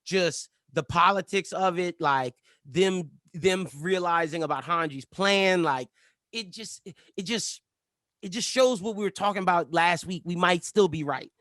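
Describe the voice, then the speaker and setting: A man co-hosting a casual podcast with a fairly high voice. He laughs often and moves the talk along from episode to episode. The sound is close and dry. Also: measured pace, fairly bright tone, dry recording. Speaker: podcast co-host. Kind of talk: casual chat.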